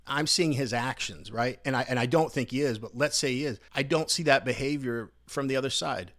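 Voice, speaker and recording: A man's voice: mid-range voice, fairly quick, a bit bright. Sarcastic man ranting to camera. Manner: mocking, sarcastic, talks straight to viewers. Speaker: political commentary host. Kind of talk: casual opinion commentary to camera.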